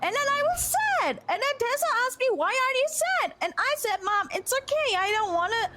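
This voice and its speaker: A woman's voice: very high-pitched, very animated, pushed and bright, a little hiss or hum, exaggerated voice. Woman playing a flustered, defensive young woman. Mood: upset. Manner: flustered, apologetic, quick to back down. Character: dramatic young woman, adopted daughter, defensive. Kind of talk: improvised role-play chat.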